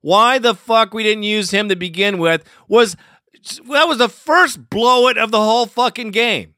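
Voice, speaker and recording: Furious swearing man, high bright voice. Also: normal speed, no echo, studio quality. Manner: profane and furious, swearing constantly. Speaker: podcast host. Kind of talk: angry postgame rant.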